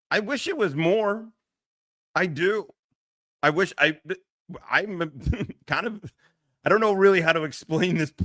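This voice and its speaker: A man's voice: medium pitch, pushed and bright, dry recording. A middle-aged man hosting a casual livestream, rambling, swearing and laughing often into a close mic. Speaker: livestream host.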